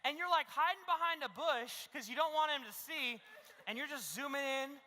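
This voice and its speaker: A man preaching a youth sermon with a high, bright, ringing voice. He is lively and joking, acting out little scenes and tagging his points with "okay?". His voice carries the long reverb of a large hall. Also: normal speed. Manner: keeps adding "okay?". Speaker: youth pastor.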